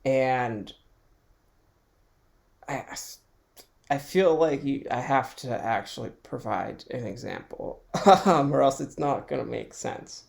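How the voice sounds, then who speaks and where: A man records a solo podcast at home, thinking out loud in a relaxed, meandering way. His voice carries a gravelly fry at a mid pitch. He often breaks into small chuckles and restarts his sentences. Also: takes it slowly. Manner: rambling and reflective, restarts thoughts, chuckles often. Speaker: podcast host. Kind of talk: casual solo monologue.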